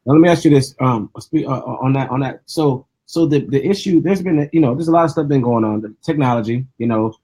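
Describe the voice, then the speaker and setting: A man with a husky voice hosts the radio interview, rattling off long questions quickly. He restarts often and keeps asking "you know what I'm saying?" as he circles toward his point. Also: medium pitch, warm tone. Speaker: radio host and DJ.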